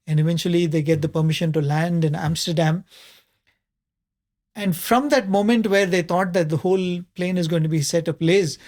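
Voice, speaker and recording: A man, a panelist telling a spiritual story in a conversational way, often pausing with fillers and soft laughs. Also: high-pitched.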